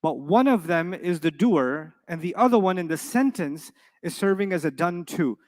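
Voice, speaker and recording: A middle-aged man with a high voice teaches a live class. He is playful, keeps throwing questions at the students and often answers them himself. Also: expressive, normal speed, darkish tone, big-room sound. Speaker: Arabic teacher.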